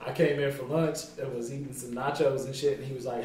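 A man's voice: mid-range voice, steady tone, fast talker, hardly any pauses, darkish tone. A man trading teasing, profane banter with friends on a casual podcast. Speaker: podcast co-host. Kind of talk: casual chat among friends. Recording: distant mic in roomy echo with faint noise.

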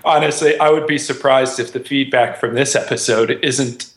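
A man's voice: medium pitch, fairly even intonation, normal speed, reverberant. A man joining a podcast chat with wry jokes. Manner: wry, joking.

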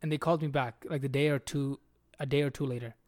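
A man's voice: medium pitch, quick pace, dry recording. A young man hosting a podcast, telling a story in casual, profane slang and calling his friend "bro". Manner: profane, animated, says "bro" a lot. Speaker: podcast host.

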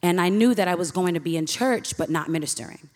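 Young woman from queens telling her story, low and heartfelt, echo of a big hall behind her. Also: fast, darkish tone. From Queens, New York. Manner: earnest, emotional retelling with sighs. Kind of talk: live personal storytelling. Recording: reverberant hall.

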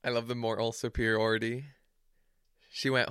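A man's voice: mid-range voice, lively intonation, unhurried, a bit bright, clear, resonant tone, dry recording, studio quality. A young man co-hosting a podcast in casual chat, playful and sarcastic. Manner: playful, sarcastic, mock-formal. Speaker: podcast co-host.

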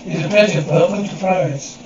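A man's voice: sits high, a little fast, very echoey, close to an everyday voice. A man speaking lines in a television drama scene, heard muffled and distant. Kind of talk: TV drama audio. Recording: muffled, distant TV audio with crowd noise.

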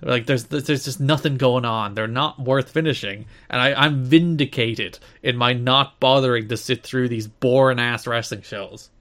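A man co-hosting a casual podcast, talking quickly and wryly, often laughing. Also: medium pitch, fairly even intonation, fairly bright tone. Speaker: podcast co-host. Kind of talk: casual chat.

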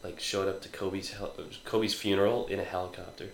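Deep-voiced blunt man with a cold. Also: flat delivery, fairly quick, roomy sound, a little hiss or hum, poor audio. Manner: teasing, blunt and profane. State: has a cold. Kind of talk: casual crude banter.

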